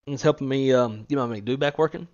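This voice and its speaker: A man with a mid-range, slightly mellow voice talks a little fast while hosting a flight simulator stream; the highs are cut off in the audio. He chats casually with his co-pilot in a loose, profane way, swearing freely and laughing often.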